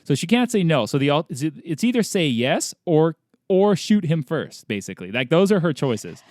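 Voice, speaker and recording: Guy cohosting a podcast, kinda high voice, bouncy, dry mic, laughs a lot. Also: moderate pace, no room sound. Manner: lively, laughs often, searches for words. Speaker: podcast co-host. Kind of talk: casual chat.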